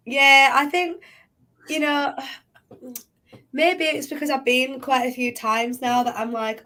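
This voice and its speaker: A woman's voice: sits high, fairly even intonation, takes it slowly, long pauses, sharp tone. A woman from Yorkshire with a Yorkshire accent, a guest chatting frankly and casually. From Yorkshire, northern England. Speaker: guest, psychic medium. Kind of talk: casual chat.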